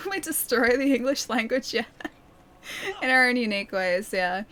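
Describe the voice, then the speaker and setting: A fairly high-voiced woman with an Australian accent from Melbourne, chatting away to her viewers as she plays. She talks casually and giggles often between remarks about the game. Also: animated, a little slow, fairly bright tone. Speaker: streamer. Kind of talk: casual gameplay chat.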